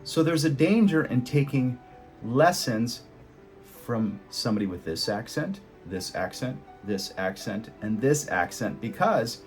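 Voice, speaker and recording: Male English tutor, casual and animated, mid-pitched voice, faint guitar music underneath. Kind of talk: casual teaching to camera.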